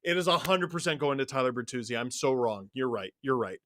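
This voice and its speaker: A man hosting a live watchalong stream, excitedly reading out viewer names and swearing freely. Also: medium pitch, fairly quick, no room sound, studio quality.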